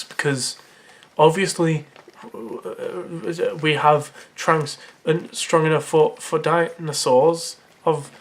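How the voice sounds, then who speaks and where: A man reading aloud a story he wrote as a child, breaking off often for sarcastic, mocking commentary and laughter. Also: fairly high pitch. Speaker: reader of his own childhood story. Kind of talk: comedic dramatic reading with commentary.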